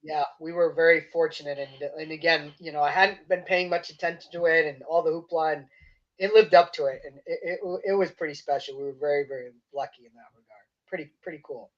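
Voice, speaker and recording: A man answering gardening questions as a guest expert on a livestream, enthusiastic and explanatory, his sentences often trailing off softly. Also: a little high, steady tone, a little fast, lo-fi sound. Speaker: seed company guest expert. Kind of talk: casual livestream interview answers.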